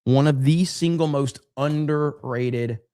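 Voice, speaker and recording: A man's voice: on the high side, slow pace, dark tone, dry recording, clean studio sound. A man hosting a casual livestream podcast, laid back and chatty, reading out viewer comments with plenty of fillers. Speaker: podcast host.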